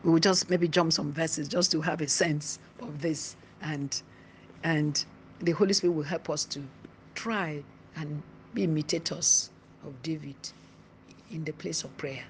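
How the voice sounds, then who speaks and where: A woman preacher giving a sermon, reading scripture slowly and stressing each phrase. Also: deep voice, steady tone, a little hiss or hum. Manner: slow emphatic scripture reading with rising emphasis.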